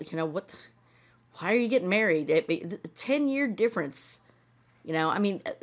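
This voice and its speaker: A woman hosting a podcast, ranting in casual reaction commentary, sarcastic and opinionated, swearing freely and mimicking people in mocking voices. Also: mid-range voice. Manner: animated, often acts out mocking voices. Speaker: podcast host reacting to a TV show.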